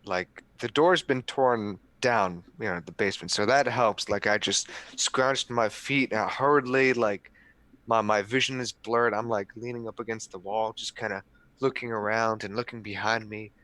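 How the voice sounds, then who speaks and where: A man playing a tabletop role-playing game, describing his character's actions in a halting, hesitant way. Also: fairly low pitch, sharp tone, no room sound. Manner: halting, hesitant, with many fillers. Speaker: player. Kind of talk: in-character play narration.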